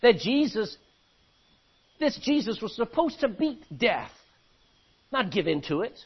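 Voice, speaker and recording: Animated husky male preacher. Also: very high-pitched, unhurried. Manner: animated, acts out biblical voices. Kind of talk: sermon. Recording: dull lo-fi recording.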